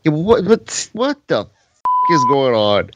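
A man's voice: a little high, very animated, unhurried, highs cut off, heavy background noise. A man co-hosting a podcast in casual chat, blunt and swearing in exasperation. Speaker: podcast co-host.

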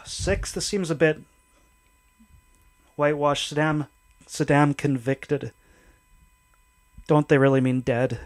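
A man with a slightly high voice reads out a list of headlines on a casual podcast. He sounds dry and dismissive. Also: fairly even intonation, slow pace, long pauses. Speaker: podcast co-host reading the list. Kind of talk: casual comedic chat.

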